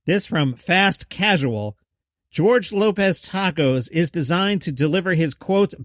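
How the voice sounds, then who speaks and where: A man's voice: on the high side, lively intonation, normal speed, no echo, studio quality. A man hosting a comedy news podcast, reading headlines with jokey asides. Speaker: podcast host.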